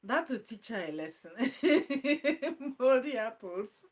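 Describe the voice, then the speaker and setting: A high-pitched woman hosts a live-stream chat, reading viewer comments aloud. She speaks slowly and playfully and keeps breaking into giggles as she talks. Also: breathy edge, poor audio. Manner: giggles often, laughing through her words; playful and animated, addressing viewers by name. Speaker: channel host.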